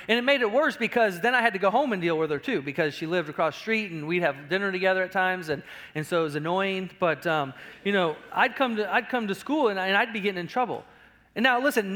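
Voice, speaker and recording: A man's voice: sits high, sharp tone. A middle-aged male pastor preaching a sermon in a conversational way, often repeating words as he talks. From United States.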